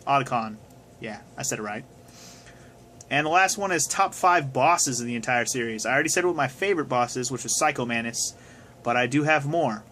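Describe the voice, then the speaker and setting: Bright-voiced young man chatting casually. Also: mid-range voice, animated, a little fast, slight background noise. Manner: rambling, casual, swears. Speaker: video host answering viewer questions. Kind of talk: casual chat. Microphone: phone camera.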